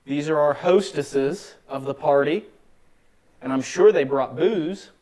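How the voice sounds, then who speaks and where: Alert, hushed man calling out to spirits. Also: on the high side, slow pace, rough recording. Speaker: guest paranormal investigator. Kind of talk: ghost-hunt calling out. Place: dark old building indoors.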